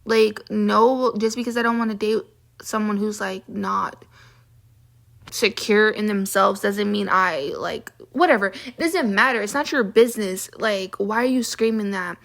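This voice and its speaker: A woman's voice: medium pitch, unhurried, creaky, a bit bright. A young woman vlogger telling a casual storytime rant, exasperated and fed up, with constant use of "like".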